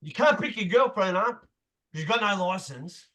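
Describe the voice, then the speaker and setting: A man's voice: high voice, lively intonation, moderate pace, bright, forceful tone. A man leading a motivational group session as coach, emphatic, repeating key phrases and swearing casually.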